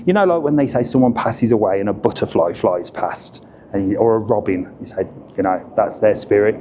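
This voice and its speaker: This travel vlogger, a middle-aged man, has a warm, lowish voice and talks a little fast while joking with his handheld camera in an indoor ice tunnel. Slightly breathless and teasing, he's heard over a touch of hiss or hum and the chatter of visiting crowds.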